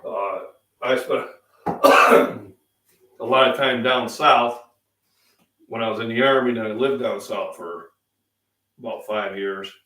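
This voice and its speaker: A middle-aged Midwestern man from Illinois who hosts a fitness channel rambles on his casual breakfast live stream with lots of fillers, coughing and clearing his throat because he's under the weather. His medium-pitched voice is slow and sharp-toned with long pauses, and he sits somewhat far from the mic in an echoey room.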